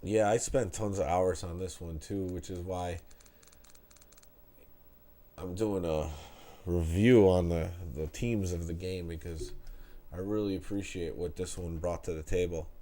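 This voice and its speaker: Congested man in his thirties, streamer type, low mellow voice, unhurried delivery, casual stat read-outs. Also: steady tone. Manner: laid-back, chatty, reads out stats with restarts. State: stuffed-up nose. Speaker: streamer reviewing a retro game. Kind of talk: live-stream game commentary.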